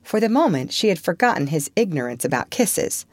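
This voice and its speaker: A woman narrating a storybook in a gentle, expressive way. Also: on the low side, fairly quick, no echo, clean studio sound.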